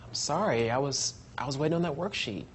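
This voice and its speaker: A man's voice: on the high side, animated, fairly quick, slight background noise, lightly acted. A man playing a hesitant, apologetic coworker. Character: apologetic male office coworker.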